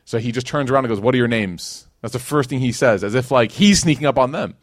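A man's voice: medium pitch, lively intonation, fast talker, no room sound, studio quality. A man from Chicago teaching a conversational sermon, telling stories with slang and acted-out quotes. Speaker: Islamic teacher. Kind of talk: casual sermon.

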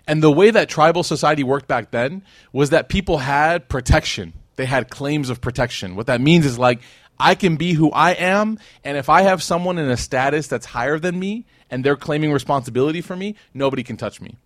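Guy giving a quick chatty religious class, jokes around with the room, tosses in arabic recitation, dry close sound. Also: on the high side, no room sound. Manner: animated, conversational, jokes with the audience. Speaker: Islamic teacher. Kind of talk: casual storytelling lecture.

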